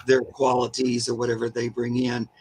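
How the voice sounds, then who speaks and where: A man working as a spirit medium, chatting casually and telling animated stories. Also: medium pitch, moderate pace, breathy edge, low-quality recording. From Southern California. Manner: chatty storyteller, warm and animated about animals. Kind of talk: casual chat.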